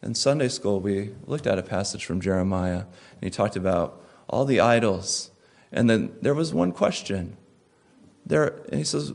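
A man preaching a sermon as a pastor, pleading and emphatic, with wide swings between loud and soft. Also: fairly low pitch, lively intonation, normal speed, creaky.

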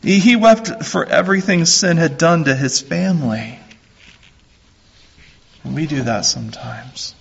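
A man preaching a sermon as a pastor, slow and earnest, repeating his phrases. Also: a little high, gravelly, slightly rough, dull audio.

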